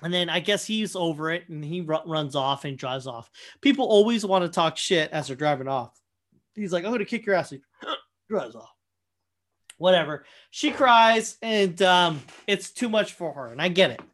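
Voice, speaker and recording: A young man casually telling a profane, animated story, full of fillers and quoted asides. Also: a little high, moderate pace. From Michigan, USA. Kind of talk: casual anecdote chat.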